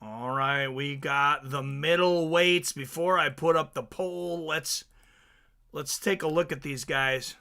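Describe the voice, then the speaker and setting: A man hosting a casual fight watch-along stream, chatting excitedly and reading viewer comments aloud. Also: fairly high pitch, slow pace, clean tone.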